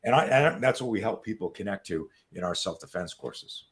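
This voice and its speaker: A man in his sixties, a self-defense coach telling stories as an interview guest, animated and profane, on a video call. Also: sits low, a little fast. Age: 60s. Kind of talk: casual interview storytelling.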